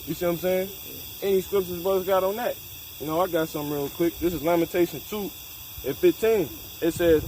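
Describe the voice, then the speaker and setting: A man's voice: high voice, brisk, a little mellow, a little hiss or hum, poor audio. A man leading a casual scripture discussion, emphatic and profane, mixing street slang with Bible reading. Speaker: scripture study leader.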